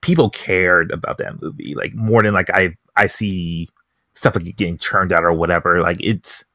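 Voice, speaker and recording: Deep-voiced podcast guy rambling, says like a ton, dry close mic. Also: normal speed, no echo. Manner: rambling, heavy use of "like", excited. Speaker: podcast co-host. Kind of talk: casual chat.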